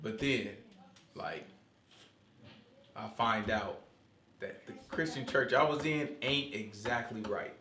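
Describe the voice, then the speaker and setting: A man leading a casual Bible study discussion, talking in an animated, joking, conversational way. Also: medium pitch, takes it slowly, long pauses, roomy sound, slight background noise.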